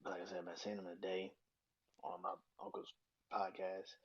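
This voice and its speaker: A man hosting a podcast, talking through grief in a halting, tearful way that often sinks into a breathy near-whisper. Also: low-pitched, flat delivery, no room sound, lo-fi sound. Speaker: podcast host. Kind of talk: personal monologue on grief.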